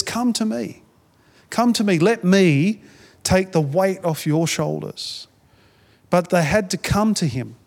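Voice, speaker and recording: Earnest male pastor in a reverberant hall. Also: a little high. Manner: earnest, repeats phrases, frequent restarts. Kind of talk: conversational sermon.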